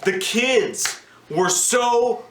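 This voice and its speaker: A man in his thirties reviewing a film with a bright, forceful voice. He rants with profane, exasperated energy, and the sound is echoey, as in a bare room. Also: extremely high pitch, very slow. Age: 30s. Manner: exasperated, profane, animated storytelling. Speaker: movie reviewer, co-host. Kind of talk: casual review rant.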